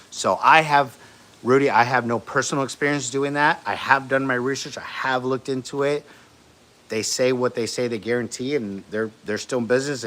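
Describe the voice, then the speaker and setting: A man's voice: fairly low pitch, bright, forceful tone. A man hosting a casual livestream, rambling through viewer questions with lots of fillers and restarts, speaking. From San Francisco area. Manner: rambling, many fillers and restarts, laid-back. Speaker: livestream host. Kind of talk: casual livestream chat answering comments.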